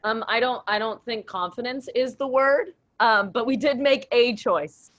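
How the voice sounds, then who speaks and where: A woman's voice: on the high side, measured pace, a bit bright. Female sketch host, dry hesitant delivery, slightly dull recording. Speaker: show host. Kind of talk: comedy sketch hosting.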